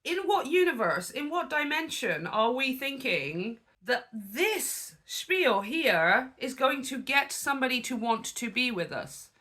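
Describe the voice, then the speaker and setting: A woman with a bright, crisp voice talks through screenshots in a lively, conversational way. She drifts into preachy asides as she explains her views as a spiritual coach. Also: high voice, measured pace, hardly any pauses. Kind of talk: reaction commentary.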